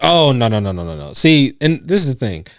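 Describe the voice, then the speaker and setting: A man's voice: medium pitch, sing-song, fairly quick, smooth, dry recording, clean studio sound. A man co-hosting a podcast in casual chat, telling stories, laughing often and acting out what others said. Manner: storytelling, laughs often, acts out quotes. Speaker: podcast co-host. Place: indoors on a couch.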